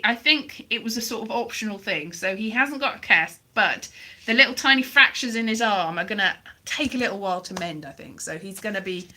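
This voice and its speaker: A woman's voice: mid-range voice, bright, forceful tone. A woman chatting casually on a live stream, rambling and wry, recorded on a phone held at arm's length. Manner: rambling, wry, self-deprecating. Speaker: vlogger.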